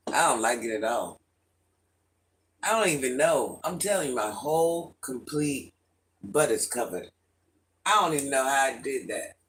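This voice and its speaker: A middle-aged man chatting casually on a livestream, greeting viewers by name and answering their comments in an animated way. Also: medium pitch. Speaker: livestream host.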